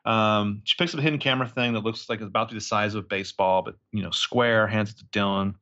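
A man co-hosting a casual podcast, recapping scenes with quick quoted asides and swearing. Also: fairly low pitch, steady tone, sharp tone, highs cut off. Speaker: podcast co-host recapping a show.

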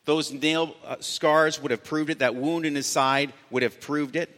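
A man preaching a sermon as pastor, earnest, slowing down to stress key words. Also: fairly high pitch, fairly even intonation, fairly bright tone. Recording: long church reverb.

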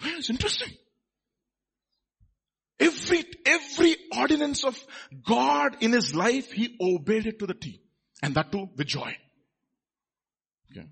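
A man's voice: extremely high pitch, animated, unhurried, vocal fry, long pauses, a bit bright, breathy edge. A man preaching a sermon, asking the congregation questions as he teaches from scripture. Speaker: pastor.

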